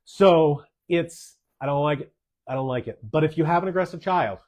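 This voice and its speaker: A man's voice: on the high side, normal speed, darkish tone. A man hosting a podcast as a doctor, answering listener questions in a casual, emphatic way, repeating key points and checking in with "okay?".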